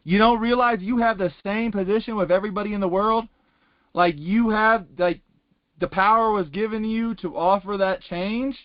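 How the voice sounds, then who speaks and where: Steady in tone and moderate in pace, this man's voice sits high on a dry recording. As a participant in a call-in Bible class, he rambles through casual testimony in colloquial phrases, circling back with "it's like," over a dull, lo-fi conference line.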